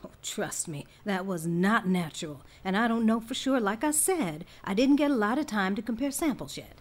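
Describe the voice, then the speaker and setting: A woman voicing a weary middle-aged scientist and mother who speaks in a measured, reserved way. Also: mid-range voice, expressive, close to an everyday voice. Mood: tired.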